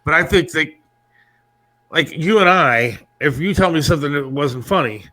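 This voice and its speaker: A middle-aged man hosting a podcast, telling rambling, animated stories in casual chat. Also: on the high side, moderate pace, rough recording. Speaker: podcast host.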